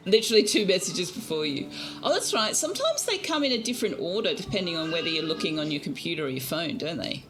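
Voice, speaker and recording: A woman's voice: on the low side, big pitch swings, quick pace, a bit bright, soft background music. A woman streamer in a casual live-stream chat, teasing her viewers and cooing at her cat, speaking into a desk microphone at home. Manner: chatty, teasing, talks to her cat in baby talk.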